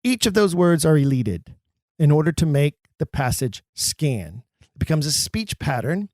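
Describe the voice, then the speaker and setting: A man hosting a podcast, teaching Shakespeare acting with emphatic delivery that drops low and slow for dramatic lines. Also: very animated, darkish tone, dry recording. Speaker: podcast host.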